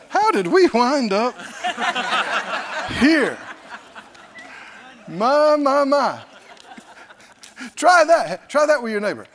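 A man preaching a sermon in an animated way, laughing often and acting out the voices of the people he quotes. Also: very high-pitched, very slow, pauses often, slight background noise.

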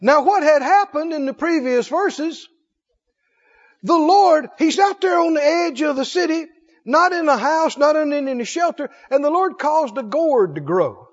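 A man preaching a sermon, folksy and animated, swinging from loud calls to low asides. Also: a little slow. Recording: dull sound with long hall reverb.

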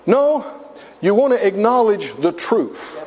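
Emphatic male preacher, high animated voice, dull, reverberant recording. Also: slow. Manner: storytelling, emphatic, rising to near shouts. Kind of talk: sermon.

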